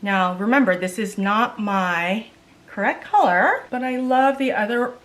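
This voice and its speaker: A woman's voice: mid-range voice, lively intonation, unhurried. A woman beauty vlogger in a casual makeup try-on vlog, chatty and exasperated, talking straight to her viewers.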